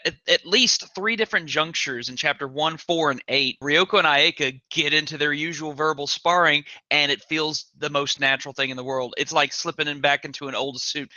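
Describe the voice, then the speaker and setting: A man's voice: fairly high pitch, pushed and bright, no room sound, highs cut off. A man co-hosting a casual podcast discussion, speaking articulately with slightly formal phrasing. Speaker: podcast co-host.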